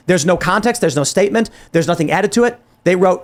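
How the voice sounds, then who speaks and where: Male talk host, 30s, higher register, heated and animated, stumbles and restarts a lot. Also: fast talker. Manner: animated, exasperated, frequent restarts and quoted dialogue. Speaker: podcast host. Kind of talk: heated political commentary.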